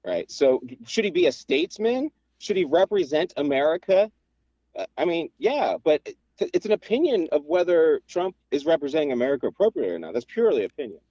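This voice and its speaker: A man's voice: fairly high pitch, very animated, fairly quick, dark tone, no room sound. A man calling in to a podcast by phone, debating casually and insisting on precise terms. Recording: dull lo-fi phone line.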